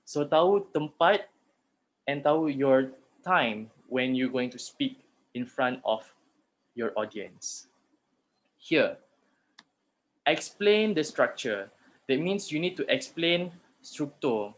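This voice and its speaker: Malaysian guy teaching an online class, mid pitch, mixing english and malay, talking students through examples. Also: animated, slow pace, long pauses. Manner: mixes English and Malay, explains with spoken examples. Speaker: lecturer. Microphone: computer mic in an online class.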